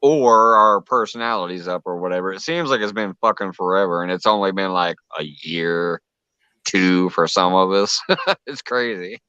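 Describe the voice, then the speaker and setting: A man's voice: deep voice, moderate pace, pushed and bright, smooth, dry recording, muffled recording. A man hosting a casual livestream chat, laid-back and rambling, swearing casually. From Illinois. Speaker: livestream host.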